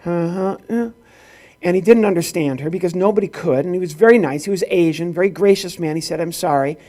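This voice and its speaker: A man's voice: sits high, quick pace, dark tone. A middle-aged man from the rural Midwest doing stand-up comedy at a corporate event, telling stories with acted-out dialogue. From rural Illinois, US Midwest.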